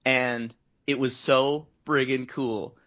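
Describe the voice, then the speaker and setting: A man's voice: mid-range voice, steady tone, takes it slowly, fairly bright tone. A Canadian man in his thirties, a voice actor guest, telling rambling stories in a casual interview and acting out the lines he quotes. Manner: rambling storyteller, acts out quotes. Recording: dull lo-fi audio.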